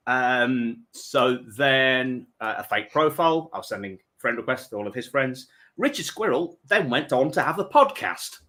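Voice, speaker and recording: A man's voice: medium pitch, expressive, normal speed, hardly any pauses, pushed and bright. A man hosting a charity livestream, telling a long prank story with chuckles and rambling asides. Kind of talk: casual chat, telling an anecdote.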